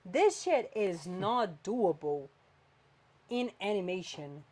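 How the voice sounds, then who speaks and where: A woman's voice: mid-range voice, slow pace. Chatty woman podcast host. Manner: animated, chatty, swings between flat and emphatic. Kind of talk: casual chat.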